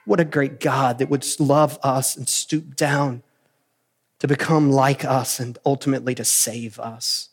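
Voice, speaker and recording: A man preaching a sermon as pastor, earnest, repeating key phrases and rising to animated emphasis. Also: mid-range voice, in a large hall. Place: church sanctuary.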